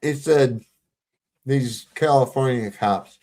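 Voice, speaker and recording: A man on a video-call livestream, telling stories with lots of swearing and laughter, getting loud when he retells arguments. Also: mid-range voice, slow pace. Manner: profane, storytelling, laughs often, gets heated retelling run-ins. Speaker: panel co-host. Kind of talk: casual livestream chat.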